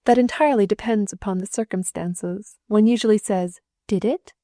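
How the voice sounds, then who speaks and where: In a storybook reading, a woman voices a loving young wife and new mother, tender, affectionate and joyful. Her medium-pitched, dark-toned voice is raised slightly above her natural one yet stays close to everyday speech, at a moderate pace. The studio-quality recording has no room sound.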